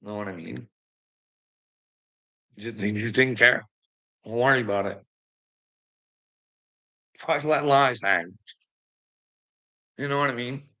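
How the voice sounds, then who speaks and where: A man's voice: medium pitch, slow pace, pauses often, bright, forceful tone. A man telling an angry, swear-filled story in a casual rant to a friend. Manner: heated, profane, emphatic. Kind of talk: casual ranting anecdote.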